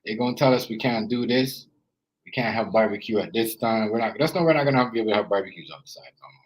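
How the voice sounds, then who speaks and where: A man's voice: on the low side, fast, poor audio. A man with a Jamaican accent chatting casually on a live stream, rambling and repeating himself as he greets viewers.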